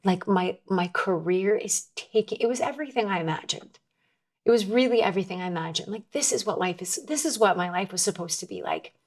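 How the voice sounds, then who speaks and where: A woman's voice: medium pitch, brisk. A woman guest in a conversation, telling her personal story in an earnest, emotional way, often restarting her sentences. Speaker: podcast guest.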